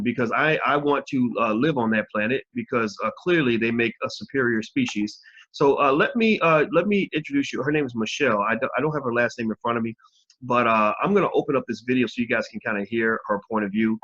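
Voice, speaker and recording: A man's voice: medium pitch, fairly quick, a bit bright. A man hosting his own live video channel, chatting casually and frankly with viewers and swearing freely. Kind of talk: casual livestream chat. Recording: dull lo-fi livestream audio.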